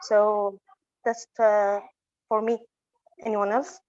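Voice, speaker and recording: A woman from Libya, a student in an online class, speaking haltingly with many fillers as she searches for words. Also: medium pitch, flat delivery, a little mellow, no echo. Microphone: video call. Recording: dull, dry video call audio.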